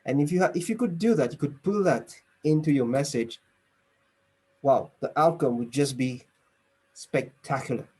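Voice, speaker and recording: A man's voice: on the high side, a little mellow, slightly rough. A man giving a structured, encouraging evaluation of a speech over a video call from home. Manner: structured, encouraging, with emphatic pauses. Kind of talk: online club speech evaluation.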